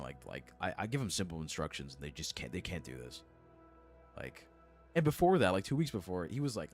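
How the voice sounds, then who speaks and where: A man's voice: low voice, very animated, fairly quick, a little mellow, soft background music. A young man streamer in casual chat, venting in an exasperated, sarcastic way.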